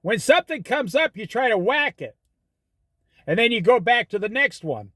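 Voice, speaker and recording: Host, middle-aged man, high bouncy voice, folksy sermonizing monologue, dry close sound. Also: very animated, normal speed, a bit bright, no echo. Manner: folksy, preachy advice with storytelling. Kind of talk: casual monologue.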